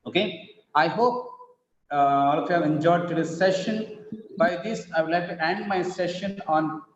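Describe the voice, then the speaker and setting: A man with an Indian English accent teaching English stress patterns in an online class, speaking slowly and repeating example sentences with shifting emphasis. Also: fairly high pitch. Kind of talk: online lecture. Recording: echoey, muffled online call audio.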